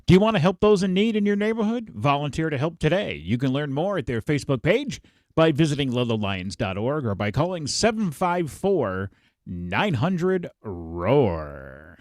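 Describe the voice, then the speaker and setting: Animated man reading funny headlines. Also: a little high, normal speed, no echo, clean studio sound. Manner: animated, laughs while reading. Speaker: podcast host. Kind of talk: casual podcast chat, reading headlines.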